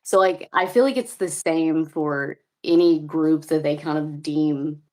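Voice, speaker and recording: A woman's voice: low voice, fairly even intonation, measured pace, darkish tone. A young woman chatting casually, telling stories with lots of laughter and fillers. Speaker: co-host in a conversation. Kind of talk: casual chat.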